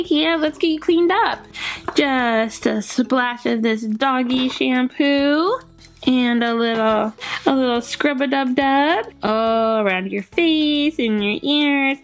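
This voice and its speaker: A woman narrating toy play in a gentle, soothing, sing-song way. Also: sits high.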